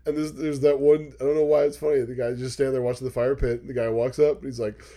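A man's voice: medium pitch, fast. A man chatting casually on a podcast, telling stories with lots of laughter and freely swearing. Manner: animated storytelling, swears freely, laughs often. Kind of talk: casual chat.

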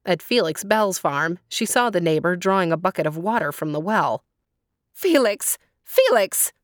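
A woman storyteller narrating a folktale in a clear, measured way. Her voice sits low. The recording is close and dry. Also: no echo.

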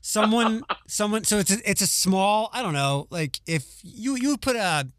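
A man's voice: high-pitched, normal speed, fairly bright tone, no echo, clean studio sound. A young man co-hosting a casual chat, telling rambling family stories with restarts and the odd swear word. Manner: rambling, self-interrupting anecdotes with swearing.

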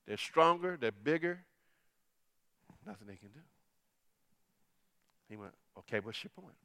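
A middle-aged man preaches a sermon, telling a story and moving between hushed lines and forceful, emphatic ones. His voice sits high and bright, with a smooth, resonant clarity. The sound is dry and close, with almost no room reverb. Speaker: pastor.

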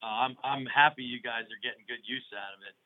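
A man's voice: medium pitch, fast, a crowd in the background. A man on a phone call who sounds flustered and hesitant as he complains about an order. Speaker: prank call target.

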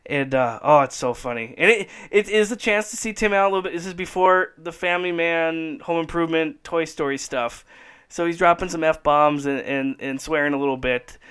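A man's voice: fairly high pitch, brisk, fairly bright tone, clean tone. A man hosting a casual podcast chat, rambling enthusiastically and laughing often. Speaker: podcast host.

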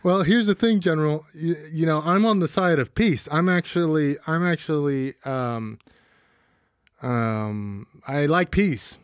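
A man's voice: a little high, a little slow, clear, resonant tone, no room sound, studio quality, close to an everyday voice. A man playing an earnest, patient diplomat and straight man in an improv comedy scene, reacting with disbelief. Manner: patient, incredulous.

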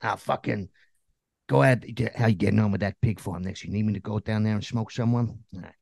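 A gruff middle-aged New Jersey mobster, put on by a man as a bit growls through menacing, sweary tough-guy lines. The voice sits low with a gravelly edge. It is recorded close and dry, with no room sound. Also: fast talker, a little mellow, dry recording. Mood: swaggering.

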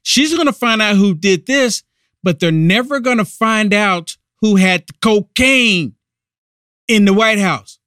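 A man's voice: high-pitched, a little slow, a bit bright, clear, resonant tone, no room sound, clean studio sound. A man hosting a political podcast, giving indignant, emphatic commentary. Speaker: podcast host.

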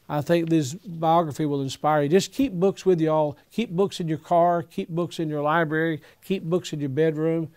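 An older pastor with a drawl speaks to young preachers in an earnest, folksy way. His voice sits a little high for a man, and he pauses with fillers as he gathers his thoughts. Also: a little mellow, clean tone.

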